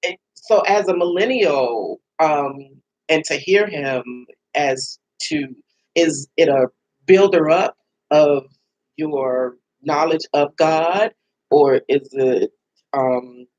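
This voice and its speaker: A middle-aged woman as a radio show guest, talking in a rambling, animated way with many restarts and laughs. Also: deep voice, takes it slowly, highs cut off. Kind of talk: casual heartfelt radio conversation.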